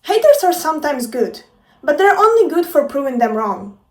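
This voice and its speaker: A woman's voice: high-pitched, very animated, normal speed, darkish tone. Woman, life coach, casual motivational vlog, emphatic, roomy echo. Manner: playful, emphatic, swears freely. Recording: echoey room, distant from mic.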